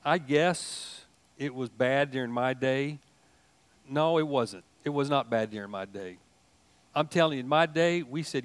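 An older man preaching a sermon in a folksy, animated way, mixing asides and jokes into his teaching. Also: on the high side, unhurried. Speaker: pastor.

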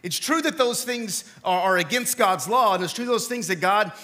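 Young oklahoma guy giving a chatty sermon, bright high voice, swings all over. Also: moderate pace. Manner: animated, jokey, restarts often. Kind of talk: casual sermon.

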